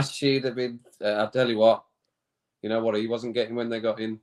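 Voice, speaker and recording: A man's voice: mid-range voice, steady tone, moderate pace, a bit bright. A man hosting a casual watch-along stream, chatting with viewers and often laughing. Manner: chatty, reads chat comments aloud, laughs often, reacts to play. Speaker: live stream host.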